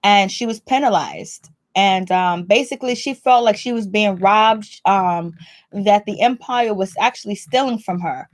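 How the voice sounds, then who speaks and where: A woman's voice: medium pitch, unhurried. A woman hosting a casual video commentary, chatting straight to her viewers with plenty of fillers. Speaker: vlogger host.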